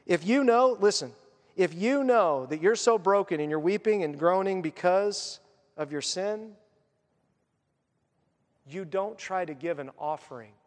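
A man's voice: high voice, animated, unhurried, pauses often, big-room sound. A man preaching a sermon as a pastor, earnest, and voicing the people he quotes.

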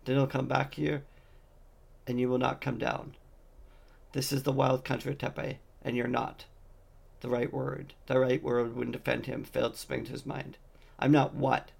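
A man's voice: medium pitch, little pitch movement, moderate pace, gravelly, breathy edge. A man reading a fantasy novel aloud, voicing the dialogue lightly in his own voice. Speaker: audiobook reader.

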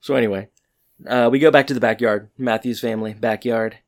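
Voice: medium pitch, steady tone, a little fast, darkish tone. A co-host in a casual podcast chat, loosely recapping a sitcom episode and moving things along. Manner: loose, chatty, moves the recap along with "so anyway".

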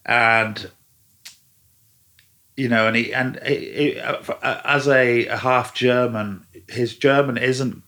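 A man's voice: mid-range voice, fairly even intonation, slow pace, bright, forceful tone. A man talking in casual chat, rambling with many restarts and fillers. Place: lives in a German-speaking country.

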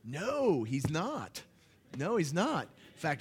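A man preaching a sermon in church, telling personal stories in a loose, halting way with lots of fillers. He gets louder and higher when he is stirred up and drops soft and low when he prays. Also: husky. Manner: conversational, halting with frequent fillers and restarts; rises in pitch and volume when excited, hushed when praying. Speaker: guest preacher. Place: church service.

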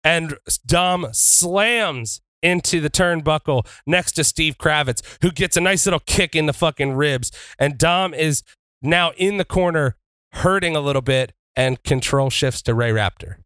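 A man narrates his wrestler's moves during a tabletop game, in a bright, slightly high voice. He talks in a playful way, with plenty of swearing. The sound is dry and close. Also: unhurried, no echo. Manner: profane, playful, switches into shouted wrestler taunts.

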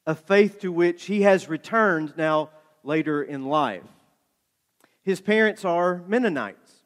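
A man preaching a sermon, telling a story with lively acted-out dialogue. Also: fairly high pitch. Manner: animated storyteller, acts out dialogue. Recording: long hall reverb.

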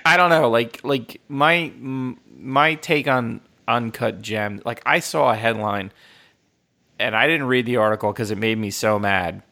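A man's voice: medium pitch, measured pace, pushed and bright. A young man co-hosting a casual film chat, ranting with lots of swearing and frequent laughter. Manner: profane ranting, laughs often. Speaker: podcast co-host.

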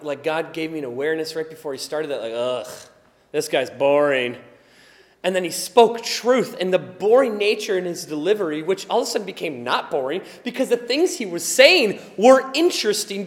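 A male preacher giving a conversational sermon, sometimes quiet and chatty, sometimes loud and emphatic, and he laughs often. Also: high voice, in a large hall. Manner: animated, swings from quiet asides to loud emphatic shouts.

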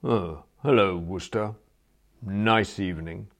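A man voicing a large, cowed bully in an audiobook reading, hushed and sulky, at times half-whispered. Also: mid-range voice, expressive, slow, creaky, breathy edge, heavily acted.

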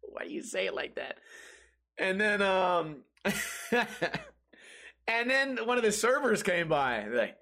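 A man's voice: fairly high pitch, slow, vocal fry, long pauses. A young man hosting a comedy podcast, telling profane stories in a casual way and acting out the people in them. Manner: profane, animated, acts out quoted voices. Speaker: podcast host.

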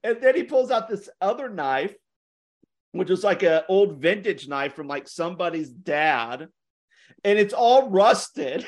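Young male co-host with a high-pitched voice, an animated storyteller who jokes and laughs a lot. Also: measured pace. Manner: animated, laughs often, joking asides. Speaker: podcast co-host. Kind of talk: casual storytelling chat.

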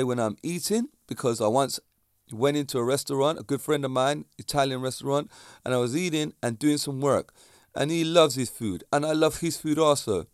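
A man talking casually to his viewers, rambling from one point to the next with a chatty, direct manner. His voice sits at an ordinary middle pitch, and the recording is dry and close with no room sound. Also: smooth, no echo. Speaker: fitness instructor and vlogger. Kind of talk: casual monologue to camera.

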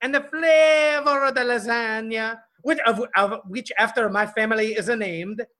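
A man hamming up a loud fake-Italian pizza man. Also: very high-pitched, fairly even intonation, unhurried, full character voice. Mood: boisterous. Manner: boisterous, hammy, broken English. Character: over-the-top fake Italian man, pizzeria recipe keeper. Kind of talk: improv comedy.

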